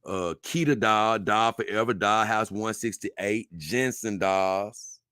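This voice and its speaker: Bright, dry-voiced man hosting a stream. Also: fairly low pitch, takes it slowly, clean tone, dry recording. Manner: reads lists aloud unhurriedly with asides. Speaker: livestream host. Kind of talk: casual livestream chat.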